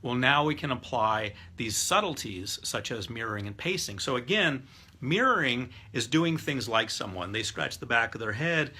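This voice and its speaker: A man's voice: mid-range voice, animated, normal speed, sharp tone, husky. A middle-aged man lecturing a live class on rapport techniques, explaining step by step and demonstrating voices and breathing aloud. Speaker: hypnotist teaching NLP.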